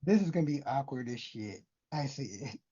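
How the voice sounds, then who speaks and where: Laid-back co-host with a mellow, warm voice; short casual remarks over a dull recording. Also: mid-range voice, lively intonation, a little fast, slightly rough. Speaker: podcast co-host. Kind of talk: casual wrestling chat.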